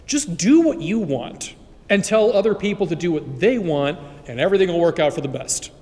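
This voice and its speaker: A pushy inner recruiter voice, put on by a priest. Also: male voice, sits high, animated, moderate pace, a little mellow. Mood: coaxing. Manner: persuasive, salesy. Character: pushy recruiter voice in a man's head. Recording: long church reverb.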